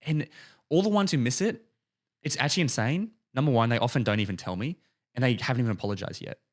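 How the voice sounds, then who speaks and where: A man co-hosts a podcast and talks about coaching work at a quick clip. His middle-pitched voice carries eager, chatty stories. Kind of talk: casual chat.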